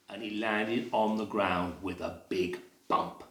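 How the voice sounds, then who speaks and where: A man telling a picture-book story to young children in a playful, animated way, with sound effects and asides to the listeners. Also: deep voice, unhurried, roomy sound. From England. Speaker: library storyteller.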